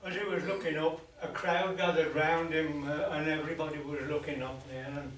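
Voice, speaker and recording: A man telling long jokes at a folk club night, in an unhurried, halting way with many pauses and fillers. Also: on the high side, level tone, fairly bright tone, a little hiss or hum. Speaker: joke teller at a folk club. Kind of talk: telling long shaggy-dog jokes to a live audience. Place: folk club room, live performance. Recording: echoey club room, mic far off, faint ambience.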